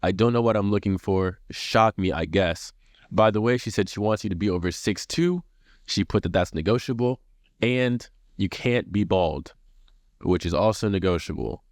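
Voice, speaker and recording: A man's voice: fairly low pitch, fairly quick. A man co-hosting a casual comedy podcast, sarcastically reading and mocking dating profiles. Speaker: podcast co-host.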